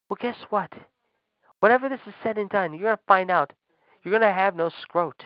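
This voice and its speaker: A man co-hosting a wrestling podcast, loud and crude, taunting and ranting in trash-talk style. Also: high voice, a little fast, no echo. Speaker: podcast co-host. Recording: dull lo-fi dry sound.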